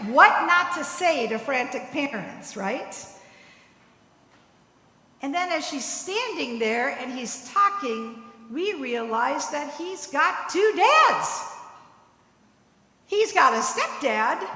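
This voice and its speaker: Woman, sermon, high bright voice, storytelling, roomy hall with long reverb. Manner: storytelling, tagging points with "right?". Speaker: preacher.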